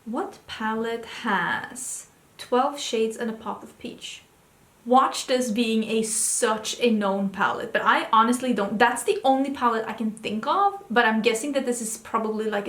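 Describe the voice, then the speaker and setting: A young adult beauty vlogger speaks to camera in a fairly high voice, chatty and excitable, thinking aloud by firing one question after another at herself. The recording has a roomy echo.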